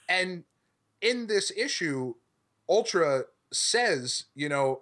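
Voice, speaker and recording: A man's voice: high voice, big pitch swings, drawn-out words, sharp tone. A male podcast host in casual chat, rambling enthusiastically and swearing freely. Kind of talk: casual chat about comics.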